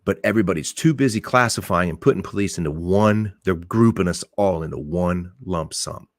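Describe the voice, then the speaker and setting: A man's voice: deep voice, a little fast, dry recording, studio quality. A man, a police officer, giving his blunt, emphatic opinions on a podcast, swearing and repeating points for stress.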